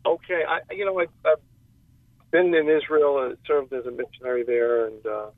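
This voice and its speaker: A man calling in to a radio talk show, speaking haltingly with many restarts and fillers. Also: medium pitch, steady tone, dry recording. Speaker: caller. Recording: tinny phone line.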